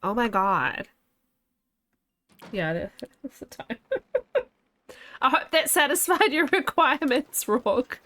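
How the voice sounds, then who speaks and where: A woman's voice: high voice, sing-song, takes it slowly, long pauses, bright, forceful tone. A woman, chatting casually and laughing often while streaming a game. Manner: chatty, laughs often, wanders between asides. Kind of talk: casual gameplay commentary.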